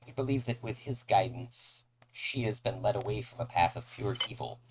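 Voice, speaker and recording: A man voicing a zealous female cultist who speaks in a measured, reverent way. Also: on the low side, noisy background, natural voice. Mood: solemn.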